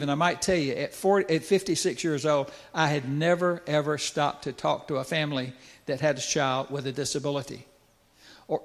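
An older man giving a folksy, conversational sermon story, with asides to the audience. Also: fairly high pitch. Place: church sanctuary. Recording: echoey church hall.

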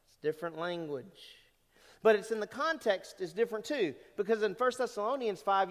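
Pastor guy preaching, high voice, chatty, asks the crowd stuff, big echoey church. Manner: conversational preaching with audience questions. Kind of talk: sermon. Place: church sanctuary. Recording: long reverb of a church hall.

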